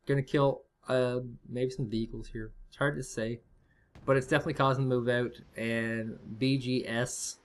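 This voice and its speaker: A man's voice: medium pitch, fairly bright tone. A man casting a strategy game match in a rambling, jokey, think-aloud way. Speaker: esports caster. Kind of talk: casual game commentary.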